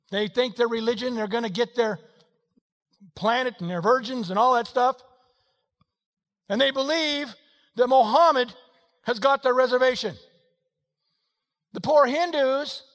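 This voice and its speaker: A man with a high voice preaches a sermon, telling his stories with animated swings from hushed to loud. His voice rings out with a long reverb, as in a large hall. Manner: animated storytelling, swinging between quiet and loud. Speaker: pastor.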